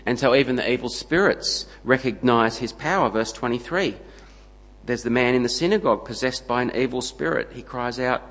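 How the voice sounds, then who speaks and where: A man preaching a sermon, emphatic and steady, building his points into punchy lists. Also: mid-range voice, a little fast, in a large hall, rough recording.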